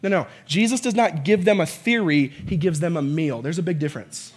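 A man preaching a conversational sermon, often checking in with "right?" and "okay?" and swinging from quiet asides to shouting. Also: on the high side, a little fast.

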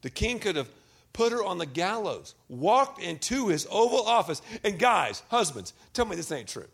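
A middle-aged male pastor preaching a joking sermon. His fairly high voice swings widely in pitch as he banters with the congregation and leads them in call-and-response. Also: normal speed, creaky, husky. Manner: animated, joking, addresses the congregation directly.

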